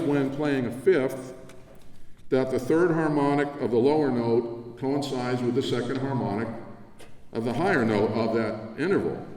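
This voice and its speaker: An older man delivers a rambling, reminiscing acceptance speech in a dark, mellow voice. He stands well back from the microphone, and his words carry through the long reverb of a large convention hall. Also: medium pitch. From New Jersey. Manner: warm, reminiscing, conversational with asides. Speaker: award recipient giving acceptance speech. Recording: echoey hall from far off.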